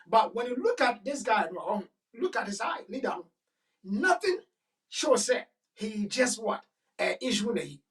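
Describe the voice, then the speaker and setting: A woman's voice: fairly high pitch, big pitch swings, normal speed, recorded from a distance, rough recording. Ghanaian-accented female host, commentary, emphatic and repetitive, heard from a little way off the mic. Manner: emphatic, repetitive, switches into Twi. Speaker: show host. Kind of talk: talk show commentary.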